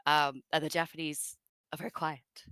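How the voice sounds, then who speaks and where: An Australian voice actress, appearing as a guest in a casual interview, chats in a rambling way full of fillers and asides. Her voice is a little low, bright and smooth, with little pitch movement and a normal speed, recorded on a close, dry mic with no echo.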